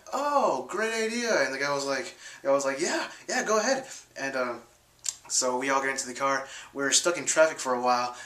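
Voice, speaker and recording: A man's voice: medium pitch, pushed and bright, echoey room. A young man telling a story casually to his viewers, full of fillers and restarts, acting out quotes in a raised voice. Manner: rambling, many fillers and restarts. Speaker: vlogger.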